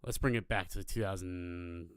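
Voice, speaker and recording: A man's voice: sits low, moderate pace, clear, resonant tone, dry recording. Dry-sounding man telling a story. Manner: animated anecdote-telling, casual cursing. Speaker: podcast co-host. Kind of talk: live podcast storytelling.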